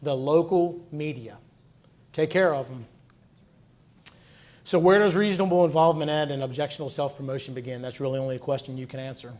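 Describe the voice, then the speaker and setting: Middle-aged male presenter, conversational storyteller, pitch a touch high. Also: brisk, pauses often, darkish tone. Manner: earnest, conversational, quotes others in his stories. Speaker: hospital executive speaking at a conference. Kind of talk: conference talk with storytelling.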